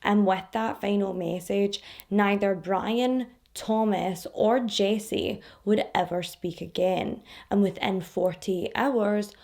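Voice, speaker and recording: A woman's voice: medium pitch, takes it slowly, gravelly, few pauses, a little mellow. Sarcastic woman telling a true crime story. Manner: sarcastic, laughs at the killer's messages. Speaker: true crime podcast host.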